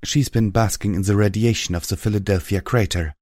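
A man reading a calm, knowing mare. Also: lowish voice, a little fast, no echo, studio quality, close to an everyday voice. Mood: explaining. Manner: even, explanatory.

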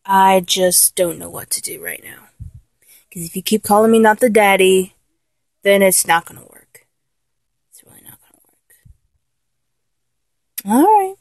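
A woman's voice: mid-range voice, expressive, normal speed, gravelly, no echo. A woman playing a flustered young lover who keeps trying and failing to act dominant, in a comedic audio role-play, talking in an exasperated, self-correcting way.

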